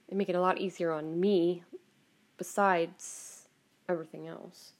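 Woman on her home podcast, kinda low voice, chatty and rambly, swears a bit. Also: fairly even intonation, slow, long pauses. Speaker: podcast host. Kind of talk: casual personal monologue. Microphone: home recording.

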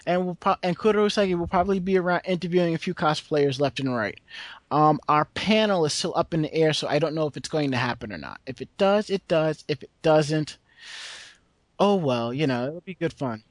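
A man's voice: on the high side, a little fast, no room sound, clean studio sound. Laid-back New man co-hosting. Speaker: podcast co-host. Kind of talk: casual chat.

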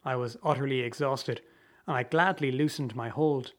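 A man reading a story aloud as a dramatic audiobook narration, with a measured, theatrical delivery. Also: medium pitch.

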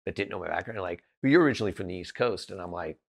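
Blunt low-voiced man from Southern California. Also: expressive, vocal fry. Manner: blunt, direct, halting with restarts. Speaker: podcast guest, business founder. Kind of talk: candid casual storytelling.

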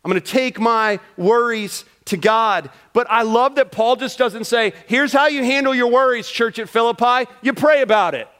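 A male pastor with a notably high voice preaches to his congregation. He leans into his points emphatically, often dropping into acted-out prayers and imagined conversations. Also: normal speed, few pauses, a bit bright. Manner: emphatic, acts out prayers and quoted talk. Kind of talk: sermon. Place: church.

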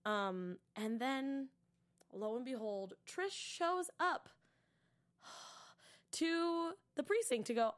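A woman with a somewhat high voice hosts a TV after-show and recaps an episode in loose, chatty talk. She is animated, acting out the characters' lines and slipping into whispered asides. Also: drawn-out words, long pauses. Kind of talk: casual episode recap chat.

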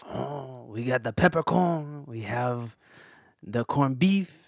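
A man's voice: medium pitch, expressive, slow, vocal fry, dry recording, clean studio sound, voice pushed up, heavily acted. A man voicing a cheesy French deli worker in a mock French accent, playful and exaggerated. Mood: hammy.

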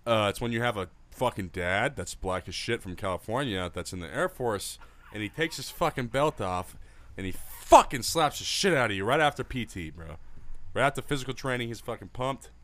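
A young man co-hosting a casual podcast, telling profane, animated stories. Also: medium pitch, a little fast. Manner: crude, profane, animated storyteller. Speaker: podcast co-host.

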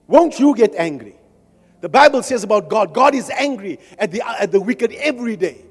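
A man with a strikingly high voice preaches with fire, climbing into shouts and throwing jokes at the crowd. His words ring out in the long reverb of a large hall, with soft music playing behind. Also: breathy edge. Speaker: preacher at a men's conference. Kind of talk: fervent sermon.

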